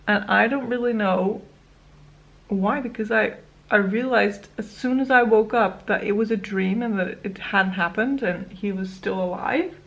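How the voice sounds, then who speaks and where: A young woman talking through a get-ready-with-me video at an unhurried, drawn-out pace. Her voice has a gravelly, fry-edged texture, and she tells her stories candidly, wandering along with little laughs. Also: medium pitch, fairly bright tone, highs cut off. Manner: rambling, candid storytelling with small laughs. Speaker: beauty vlogger. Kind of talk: casual get-ready-with-me chat.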